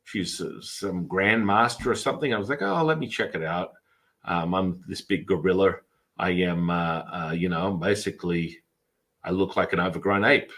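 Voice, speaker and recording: A man's voice: low-pitched, fairly even intonation, normal speed, fairly bright tone, poor audio. A man, a Taoist priest hosting a podcast, chatting casually and telling rambling stories with acted-out quotes. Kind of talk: casual storytelling chat.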